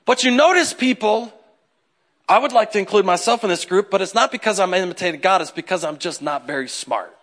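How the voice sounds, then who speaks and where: A man's voice: sits high, expressive, brisk, a bit bright. A male pastor giving a humorous, conversational sermon and talking straight to the congregation. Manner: joking, talks straight to the congregation.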